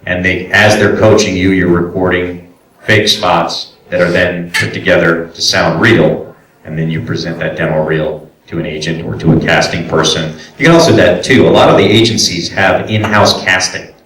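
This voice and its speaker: A man's voice: sits low, fairly even intonation, normal speed, fairly bright tone. A man from Brooklyn teaching voice acting at a convention panel, chatty and explanatory, with lots of fillers. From Brooklyn, New York. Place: large echoey convention room. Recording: echoey room, voice from far off.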